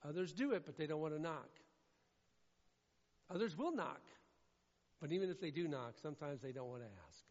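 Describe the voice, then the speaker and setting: A man from Indiana preaching a sermon, emphatic and repetitive, swinging between loud declarations and hushed lines. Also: on the high side, expressive, brisk, pauses often. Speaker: pastor. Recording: echoey hall, dull lo-fi sound.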